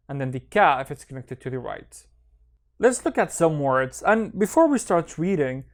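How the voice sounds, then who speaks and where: A man teaching a reading lesson online, speaking slowly and patiently, and repeating each sound twice so learners can follow. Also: on the high side. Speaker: Arabic teacher.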